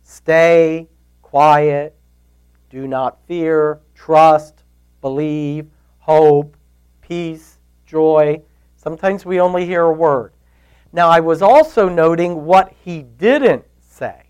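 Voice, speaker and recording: A man's voice: on the high side, very slow, a little mellow, clean tone, low-quality recording. A man giving a conversational sermon as a Bible teacher, telling stories in a folksy way and often checking in with his listeners. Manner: storytelling, folksy, asks "right?" often.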